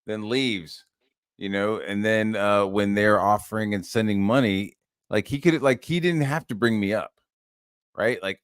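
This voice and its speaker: A man's voice: lowish voice, moderate pace, no room sound, clean studio sound. A man hosting a casual podcast chat, rambling and frustrated, with a lot of swearing. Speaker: channel host.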